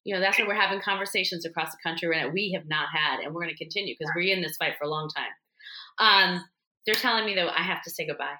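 Fast-talking woman host, bright tone. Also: lowish voice, reverberant, slight background noise, rough recording. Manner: quick, affirming, supportive. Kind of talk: conversational interview.

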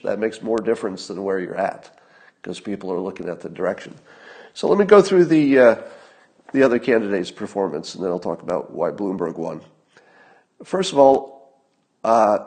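A man hosts his own podcast with a loose, thinking-aloud commentary on politics. His voice sits low with a gravelly fry at the ends of phrases, and he wanders through his points with an easy chuckle. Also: a little mellow. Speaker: podcast host.

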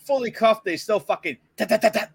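A man's voice: high-pitched, fast talker, vocal fry, breathy edge. A man co-hosting a podcast, chatting casually with lots of swearing and offhand news remarks. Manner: swearing, laughing, reads news items offhand. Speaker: podcast co-host. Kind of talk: casual profane banter.

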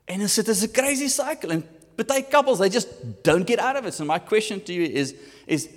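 South african guy preaching, super animated, bounces between english and afrikaans, big echoey hall. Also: high voice, fairly quick. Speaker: pastor. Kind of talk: sermon.

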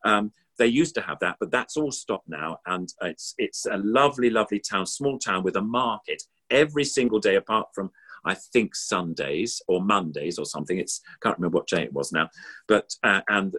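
A man's voice: fairly low pitch, normal speed, a bit bright, slightly rough. An older man, a puppeteer, reminiscing in a casual, rambling, enthusiastic way with many ums and restarts.

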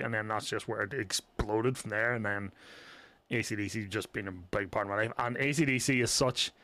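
A man's voice: medium pitch, no echo. Man in casual joking banter. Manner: laughing, swearing, joking banter. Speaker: podcast co-host. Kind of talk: casual chat.

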